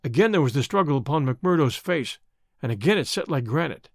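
A man narrating a story aloud in an expressive, dramatic reading. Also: on the high side, brisk, dry recording, clean studio sound. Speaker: audiobook narrator. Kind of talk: scripted narration.

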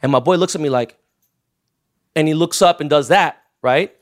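A man's voice: fairly high pitch, moderate pace. A man from Los Angeles telling wild, profanity-laced anecdotes in casual chat, acting out the people he quotes. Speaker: guest.

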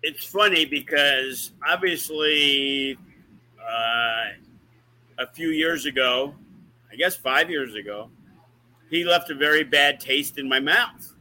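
A man's voice: fairly high pitch, takes it slowly, bright, forceful tone, low-quality recording. A man who is a wrestling promoter, telling rambling, profane stories in a casual podcast chat. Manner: profane, rambling, uses lots of fillers.

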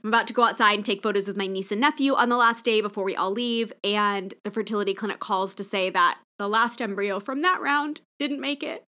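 A woman's voice: medium pitch, brisk, few pauses, bright, forceful tone. A woman hosting a podcast, speaking candidly and emotionally in a reflective personal monologue. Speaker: podcast host.

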